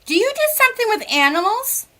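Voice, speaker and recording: A middle-aged woman with a Massachusetts accent speaks in a very high-pitched, sing-song, brisk voice. She's a psychic medium on casual radio chat, giving readings and telling warm, chatty stories with frequent "like."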